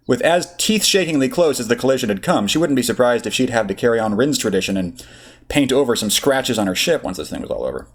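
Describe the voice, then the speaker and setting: A man reading a story aloud in a lively way, with casual asides. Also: medium pitch, fast, breathy edge. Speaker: reader. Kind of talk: reading fan fiction aloud.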